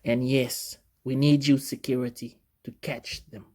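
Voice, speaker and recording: A man voicing a calm, matter-of-fact Italian woman in her fifties. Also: medium pitch, measured pace, voice pushed down, natural voice. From Italy.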